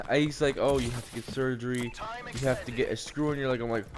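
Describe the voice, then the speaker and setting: A young man, likely a teen, telling a personal story while gaming, halting and repeating words, swearing now and then. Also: medium pitch, lively intonation, background noise. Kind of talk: casual storytelling over gameplay.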